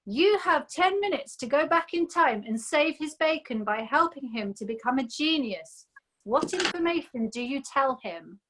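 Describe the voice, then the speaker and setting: A woman's voice: high-pitched, expressive, moderate pace, fairly bright tone, low-quality recording. A woman co-hosting a casual chat, playful and teasing, reading out silly prompts on a video call. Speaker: podcast co-host.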